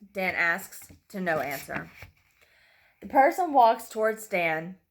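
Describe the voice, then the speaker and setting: A woman reading a dark horror story aloud in a plain, mid-pitched voice. She narrates steadily, now and then stumbling over a word and apologizing before going on. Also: very animated, slow, slight background noise. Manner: reads with occasional slips and apologies.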